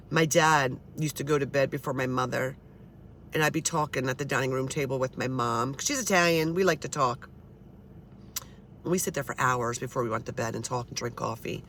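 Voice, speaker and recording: A woman's voice: extremely low pitch, fairly bright tone, slight background noise. A woman telling personal ghost stories in a blunt, chatty way, swearing freely. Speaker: storyteller. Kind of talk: casual storytelling.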